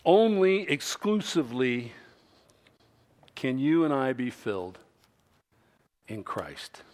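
Slow emphatic preacher man. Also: sing-song. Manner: emphatic, rises to loud stressed phrases then drops low and quiet; slow, deliberate delivery with repeated phrases. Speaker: pastor. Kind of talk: sermon.

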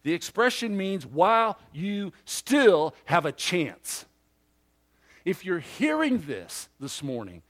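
Pastor guy preaching, kinda high voice, slow and deliberate, gets loud then drops to almost nothing, plays out what listeners might say. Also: big pitch swings. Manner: emphatic preaching with wide swings from loud to hushed; acts out imagined listeners in quoted asides. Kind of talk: sermon.

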